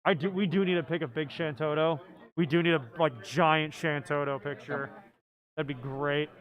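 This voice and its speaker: A man's voice: a little high, fairly even intonation, normal speed, a bit bright, rough recording. A man casting a card game tournament live, chatty and often laughing. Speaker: tournament commentator.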